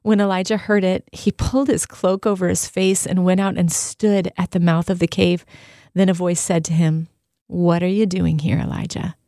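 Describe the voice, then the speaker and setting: A woman's voice: lowish voice, little pitch movement, normal speed, mellow, no room sound, clean studio sound. A woman co-hosting a faith podcast, teaching in an upbeat, emphatic way and telling stories as she goes. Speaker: podcast co-host.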